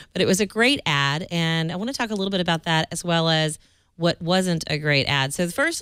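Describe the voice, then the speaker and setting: A woman's voice: fairly low pitch, fairly bright tone, clean tone, no room sound. A woman hosting a podcast panel discussion, upbeat and steering the talk. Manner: upbeat, leads the conversation. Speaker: podcast host.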